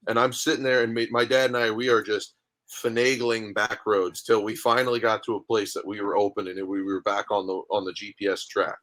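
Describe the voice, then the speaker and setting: A man, a guest on a podcast, chatting casually and telling animated stories with acted-out dialogue. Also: lowish voice, brisk. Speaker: guest, minor league hockey goalie. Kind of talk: casual interview chat.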